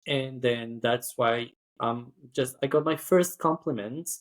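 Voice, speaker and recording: A cabin crew member, a man with a medium-pitched voice, recounts a story slowly in a chatty podcast manner. He keeps saying "like" and acts out the voices of the people in his tale.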